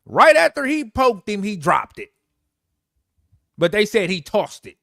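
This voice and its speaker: A man hosts a live online show and comments on a video as it plays. His voice sits high, animated and full of jokes, and he talks directly to the viewers. The mic sound is dry and close. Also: a little slow, vocal fry, no room sound. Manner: animated, joking, talks to viewers as y'all and folks. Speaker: livestream host. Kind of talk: live commentary on a played clip.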